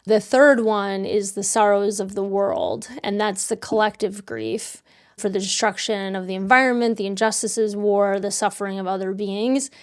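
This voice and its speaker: Speaking at a normal speed in a steady, clean, mid-range voice, this podcast host in her forties, who also works as a dental coach, reflects casually. Her manner is open and exploratory, peppered with "like" and "you know."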